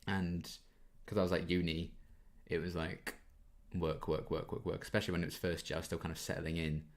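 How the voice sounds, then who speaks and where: A man's voice: low-pitched, little pitch movement, brisk. A young man in his twenties hosting a casual Q&A, reading viewer questions aloud and chatting through his answers with frequent ums. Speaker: YouTube reaction channel host.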